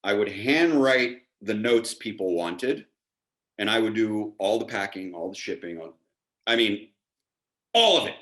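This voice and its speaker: A man telling a story as a podcast guest, animated and self-deprecating. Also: on the low side, measured pace. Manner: animated, self-deprecating, acts out quoted dialogue. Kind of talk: casual storytelling.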